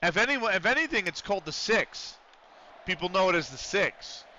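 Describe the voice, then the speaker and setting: A man's voice: high voice, big pitch swings, normal speed, bright, forceful tone, muffled recording. A man chatting casually on a game livestream, rambling and swearing while he reacts to the match. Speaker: streamer playing a football management game. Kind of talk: casual livestream chat with commentary.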